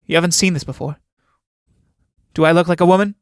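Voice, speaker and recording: A man's voice: on the high side, brisk, clean tone, dry recording, clean studio sound, pitched above the performer's own voice, natural voice. A man voicing an impulsive, fiery young woman, speaking in urgent questions. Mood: searching.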